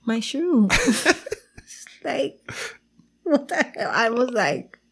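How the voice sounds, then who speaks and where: A woman telling animated stories in casual chat, switching between English and Spanish, swearing freely and often laughing. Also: a little high, extremely slow, creaky, slightly rough. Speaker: girlfriend telling stories about her partner.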